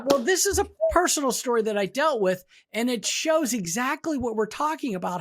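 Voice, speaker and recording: A man co-hosting an HR podcast who tells stories in casual chat and acts out the dialogue of the people in them. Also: high voice. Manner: storytelling, acting out quoted dialogue. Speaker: podcast co-host, HR professional.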